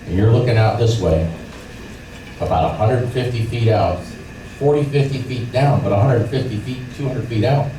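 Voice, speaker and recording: Man telling animated fishing stories, echoey room. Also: mid-range voice, normal speed. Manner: animated storyteller, acts out voices and sounds. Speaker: fishing guide giving a club talk. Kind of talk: storytelling seminar talk. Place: club meeting room. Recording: echoey room from far off, noisy.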